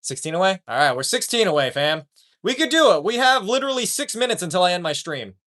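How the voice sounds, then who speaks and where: A man's voice: high voice, quick pace. A man chatting casually with his live-stream audience, joking and swearing often. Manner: profane, animated, joking.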